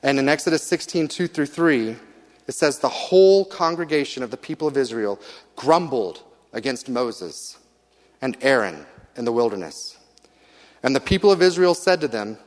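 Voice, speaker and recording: A man preaching a sermon, reading scripture aloud and slowing down earnestly to stress key lines. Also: medium pitch, expressive, big-room sound. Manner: earnest, measured, slows for emphasis.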